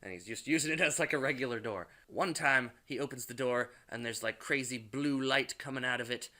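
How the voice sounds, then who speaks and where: A man's voice: mid-range voice, a little fast, sharp tone. A man casually recapping a movie plot, rambling and loose, with plenty of swearing. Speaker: movie reviewer.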